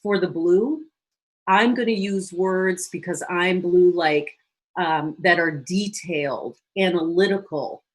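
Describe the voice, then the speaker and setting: A woman counselor giving a lively teaching talk to a church audience, briefly acting out quoted phrases. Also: on the low side, takes it slowly. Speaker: guest speaker and counselor.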